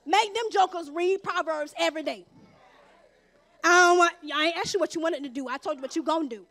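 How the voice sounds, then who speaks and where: High-voiced woman preaching fervently. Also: brisk. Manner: emphatic, exhorting, often breaks into shouts of praise. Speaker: church speaker giving testimony. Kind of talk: fervent sermon testimony. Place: church sanctuary.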